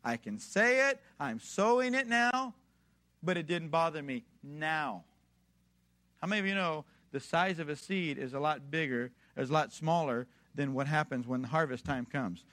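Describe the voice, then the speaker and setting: A male preacher delivering a sermon in a somewhat high voice. He talks straight to his congregation with rhetorical questions. He swings from hushed storytelling to forceful, rising exhortation. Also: expressive, measured pace. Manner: emphatic, rising to loud exhortation.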